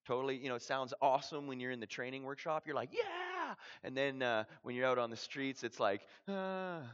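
Animated Canadian man telling a sermon story. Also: mid-range voice, fast, smooth, lo-fi sound. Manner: animated storyteller, acts out dialogue, dramatic drops to quiet. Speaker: missionary preacher.

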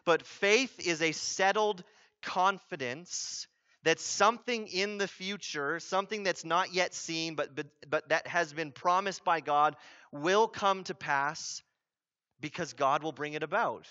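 A man preaching a sermon as pastor, emphatic, asking rhetorical questions and repeating key phrases, swinging from loud urgency to a low hush. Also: a little slow, lo-fi sound.

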